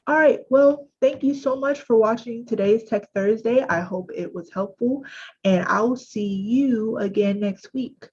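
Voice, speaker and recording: A woman walking viewers through software on a screen share, chatty and self-correcting with lots of fillers, as the regular host of a weekly tech session. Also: a little high, a little slow, slightly rough, lo-fi sound. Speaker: software trainer.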